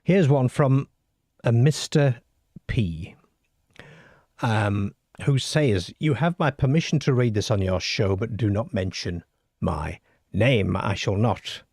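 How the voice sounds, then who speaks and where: A middle-aged or older man hosts a late-night show about the unexplained, reading letters aloud and joking with his listeners. His voice is low and gravelly, and the sound is dry and close to the mic. He is wry and self-deprecating. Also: slow pace, a little mellow, no echo. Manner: wry, self-deprecating, chatty with the live chat. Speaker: host of a late-night call-in paranormal show. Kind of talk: live-stream chat and reading out listener stories.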